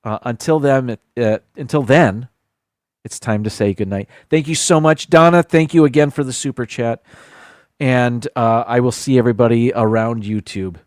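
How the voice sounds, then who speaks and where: A man's voice: medium pitch, normal speed, darkish tone, no echo, studio quality. A man hosting a live stream in casual chat, rambling and repeating words while he thinks.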